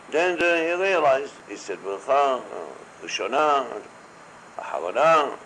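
A man leading a casual religious study discussion, talking haltingly with many fillers and quoting blessings aloud. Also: medium pitch, big pitch swings, fairly bright tone, a little hiss or hum, low-quality recording.

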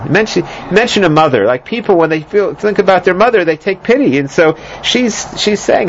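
A man's voice: high-pitched, animated, normal speed, hardly any pauses, slight background noise. A man teaching a scripture lesson, rambling with many fillers, restarts and joking asides, in a dull lo-fi recording. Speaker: Bible teacher. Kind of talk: lecture on scripture.

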